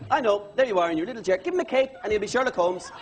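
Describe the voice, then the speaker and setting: A man's voice: high voice, lively intonation, rapid-fire, noisy background, voice pushed up. A man voicing an older male TV presenter, preachy and condescending, repeating his phrases. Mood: patronising. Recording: TV studio with audience.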